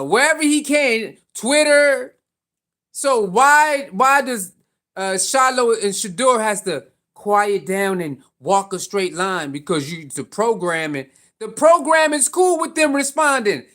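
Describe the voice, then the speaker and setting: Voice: mid-range voice, pushed and bright. A sports commentary vlogger giving casual, opinionated takes, firing off rhetorical questions and repeating points in slangy speech.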